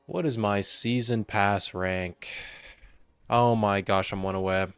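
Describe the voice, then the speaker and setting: A young man chats slowly with his stream audience, his voice emotional and on the verge of tears. He sighs often and talks in loose, casual slang. The sound is dry and close, with faint music in the background. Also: lowish voice, fairly even intonation, clean tone, dry recording. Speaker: game streamer. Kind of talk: casual live-stream chat.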